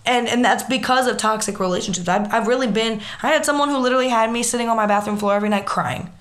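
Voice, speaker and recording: Female podcast co-host, earnest and candid, slightly high voice. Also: fast, fairly bright tone. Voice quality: earnest, repeats words when emotional. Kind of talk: casual chat.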